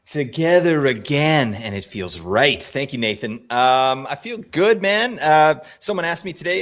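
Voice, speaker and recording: Animated joking fantasy hockey co-host, a man. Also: mid-range voice, unhurried, hardly any pauses. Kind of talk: casual podcast chat.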